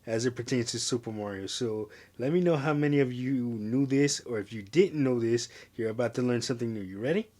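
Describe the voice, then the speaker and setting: A man's voice: mid-range voice, fairly quick, hardly any pauses, a little mellow. A man hosting a casual retro video game review, talking in a loose, rambling way with lots of fillers and restarts.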